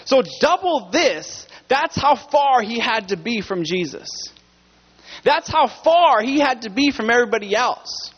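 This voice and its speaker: A man with a strikingly high voice preaches in an earnest, conversational way to his church. The recording sounds somewhat dull. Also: expressive, measured pace, slightly rough. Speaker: pastor. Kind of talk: sermon.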